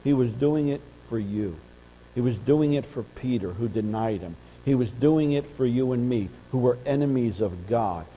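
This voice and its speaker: Male pastor, mellow tone, impassioned sermon delivery, church hall reverb. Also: medium pitch, lively intonation, moderate pace. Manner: earnest preaching, swelling louder in passionate runs. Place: church sanctuary. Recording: church audio with long reverb and mains hum.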